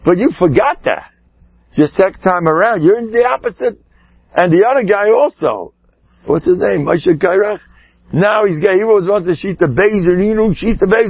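A rabbi giving an animated sermon, swinging between shouting and hushed asides, with Yiddish and Hebrew words woven in. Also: male voice, high voice, moderate pace, slightly rough, no room sound, lo-fi sound. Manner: peppers speech with Yiddish and Hebrew terms. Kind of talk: sermon storytelling.

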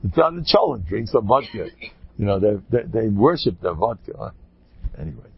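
Husky gravelly guy rambling jokey stories, lots of restarts, dull dry recording. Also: on the low side, big pitch swings, normal speed, dry recording. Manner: digressive, joking, many restarts. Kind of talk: rambling anecdotal talk with jokes.

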